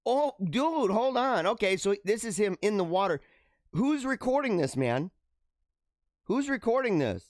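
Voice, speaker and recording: Animated slangy male podcast host. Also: high-pitched, measured pace, slight background noise. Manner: animated, slangy, laughs often. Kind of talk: casual news commentary.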